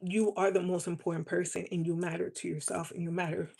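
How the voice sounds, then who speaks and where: Female live streamer, low, even voice, heartfelt and earnest. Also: fast talker, creaky, a little hiss or hum. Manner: earnest, heartfelt, repeats words for emphasis. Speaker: live streamer selling cosmetics. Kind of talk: casual live-stream chat.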